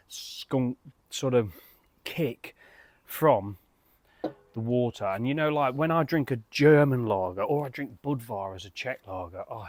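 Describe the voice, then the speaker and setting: A man's voice: mid-range voice, no echo. A man, casually reviewing beer in a rambling way, full of fillers and restarts.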